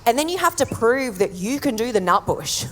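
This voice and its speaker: A woman with an Australian accent doing stand-up, deadpan with sudden high mock voices. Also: normal speed. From born abroad, raised in Australia. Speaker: stand-up comedian. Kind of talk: stand-up comedy set. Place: comedy club stage. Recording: echoey venue with loud background noise.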